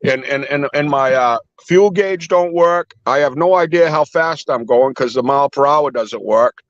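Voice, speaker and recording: A man's voice: medium pitch, normal speed, no echo. Rowdy New England man on a lo-fi phone. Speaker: regular caller. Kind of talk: casual chat while driving. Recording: lo-fi phone audio.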